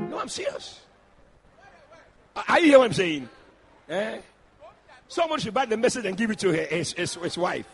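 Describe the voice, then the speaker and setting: A man preaching a sermon in church, shouting and calling out to the congregation. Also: high voice, normal speed, pauses often, music in the background. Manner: shouting, animated, addressing the congregation directly.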